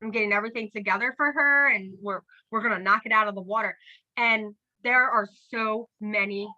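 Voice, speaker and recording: A woman talking excitedly on a casual group call, emotional and dropping mild swears. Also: medium pitch, fairly quick, muffled recording. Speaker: team member sharing tips.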